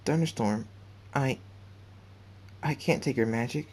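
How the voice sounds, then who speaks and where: A man's voice: mid-range voice, unhurried, a little mellow, slightly rough, pitched above the performer's own voice. A man voicing Crystal, a lonely wounded unicorn mare. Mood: weary.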